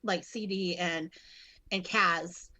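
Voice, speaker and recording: A woman chatting casually on a wrestling podcast as a guest co-host, rambling with lots of fillers and restarts, now and then breaking into loud excited shouts. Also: lowish voice, slow.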